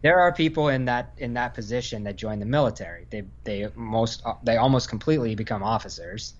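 A man's voice: medium pitch, brisk, muffled recording. A man from Northern Virginia, an Army veteran, talking casually on a podcast with lots of fillers and restarts. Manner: rambling, many fillers and restarts. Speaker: guest, Army infantry veteran.

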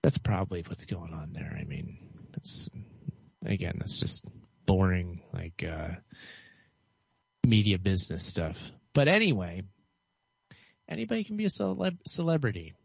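A man talking alone to camera in a cynical, rambling way, with a dull monotone voice and lots of fillers and restarts. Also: low voice, moderate pace, vocal fry, pauses often, breathy edge, no echo. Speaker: vlogger. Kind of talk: rambling solo commentary. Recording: dull lo-fi dry recording.

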